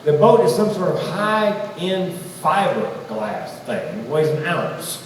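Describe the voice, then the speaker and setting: A man's voice: on the high side, slow. A man from North Carolina, doing a folksy stand-up storytelling routine in front of a live audience. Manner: storytelling, animated, folksy asides. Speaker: stand-up comedian. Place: large hall with live audience. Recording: echoey hall, distant mic, crowd noise.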